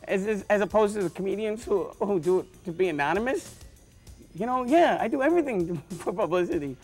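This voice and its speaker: A man who is a stand-up comedian, rambling through deadpan jokes with lots of stammers and restarts. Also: high voice, brisk, faint music behind. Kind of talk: joking interview monologue.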